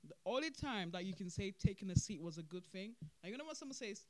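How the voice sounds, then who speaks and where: A podcast host, talking through events in animated casual commentary, laughing and repeating points for emphasis. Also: medium pitch, fast, hardly any pauses, no room sound.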